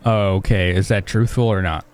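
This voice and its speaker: A man's voice: deep voice, steady tone, moderate pace, clean tone, soft background music. A man narrating as game master in a tabletop game, talking loosely and chattily.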